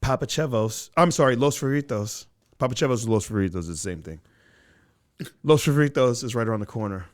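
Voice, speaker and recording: A man hosting a podcast in casual chat, telling a story with big swings from loud bursts to low mumbles. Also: lively intonation, fast talker. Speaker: podcast host.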